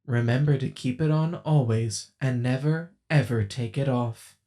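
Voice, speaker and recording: A man voicing a female doll robot in an audiobook, speaking slowly in a tinny, kind-sounding way that hides something sinister. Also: mid-range voice, mellow, close to an everyday voice. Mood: soft commanding. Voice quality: metallic, kind-sounding, slow and deliberate.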